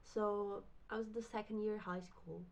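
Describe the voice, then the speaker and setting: A woman's voice: medium pitch, fairly even intonation, normal speed, creaky, darkish tone, highs cut off. Chatty young woman telling a story. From Brazil. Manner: chatty, full of fillers and restarts. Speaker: vlogger. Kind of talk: casual storytime.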